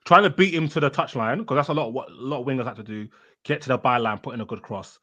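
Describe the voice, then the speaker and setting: Male co-host, bright tense tone, lively quick analysis. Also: medium pitch. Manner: animated, quick football analysis. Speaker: podcast co-host. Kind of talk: casual chat.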